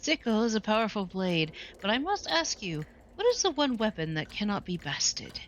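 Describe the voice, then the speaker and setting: A woman's voice: medium pitch, big pitch swings, normal speed, slight background noise, natural voice. A woman voicing a solemn cosmic being that embodies the end of time, speaking in a grave, oracular way.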